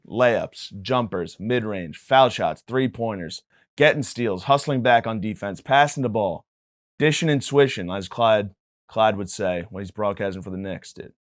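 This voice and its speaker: A man's voice: on the low side, unhurried, no echo, studio quality. Profane, rambling male podcast host. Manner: profane, rambling, mock-indignant. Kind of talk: comedic monologue.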